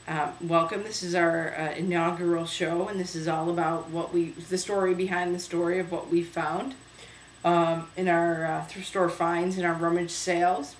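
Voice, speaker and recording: A woman's voice: on the low side, steady tone, normal speed, slight background noise. Chatty woman hosting in an echoey room. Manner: chatty, hesitant, many fillers. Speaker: host. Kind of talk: casual home video show. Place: home room.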